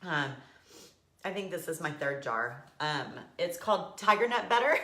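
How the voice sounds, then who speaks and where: A woman chatting casually to viewers on a live video, emotional and quick to laugh. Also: low-pitched, very animated, sharp tone. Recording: echoey room.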